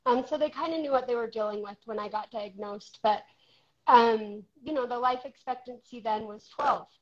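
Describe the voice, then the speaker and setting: A woman's voice: fairly high pitch, moderate pace. A woman in her forties sharing a candid personal story of faith as a guest, speaking in a heartfelt way. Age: 40s. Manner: heartfelt, candid, varying loudness. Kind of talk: personal testimony in conversation. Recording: dull lo-fi sound.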